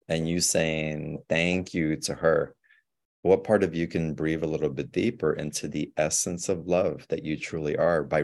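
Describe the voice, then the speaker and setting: A man, a podcast guest, speaking about spirituality in a calm, measured, reflective way. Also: sits low.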